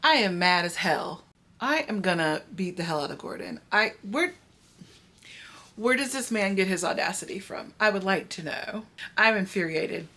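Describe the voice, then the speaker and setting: A woman chatting casually to the camera at home, animated and playfully dramatic, talking to her viewers. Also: medium pitch, moderate pace. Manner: animated, self-mocking and dramatic. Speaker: book vlogger. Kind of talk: casual vlog chat. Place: at home, indoors. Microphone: camera mic.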